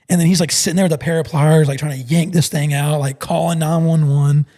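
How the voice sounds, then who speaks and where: A man co-hosting a podcast, telling a story in casual, excitable chat, calling people bro and dude. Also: a little high, quick pace, few pauses.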